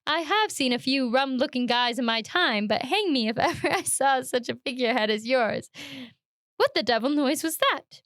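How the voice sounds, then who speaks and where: A woman voicing a blunt, gruff seafaring man in a dramatic read-aloud, speaking loud and indignant. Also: sits high, expressive, normal speed, no room sound, studio quality. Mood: blustering.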